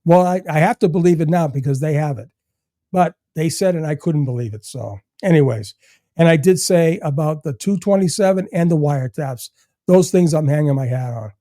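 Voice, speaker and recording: Older man, retired agent guest, animated storyteller; warm dark tone, dry close sound. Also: on the high side, moderate pace, no room sound. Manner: animated storyteller, swears freely. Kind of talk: casual chat.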